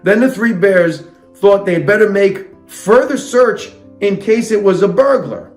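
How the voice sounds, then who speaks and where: A man's voice: high voice, lively intonation, a little slow, roomy sound, soft background music. A man reading a fairytale aloud and breaking off into sarcastic, indignant comic rants. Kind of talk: comic storybook reading with ranting asides.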